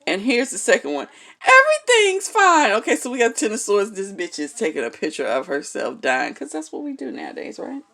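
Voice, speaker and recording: A woman's voice: on the low side, very animated, a little fast, vocal fry, hardly any pauses. A woman reading tarot cards in a casual vlog, talking bluntly and frankly, swearing freely and checking in with her viewers as she goes. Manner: keeps checking in with "okay?". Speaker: tarot card reader.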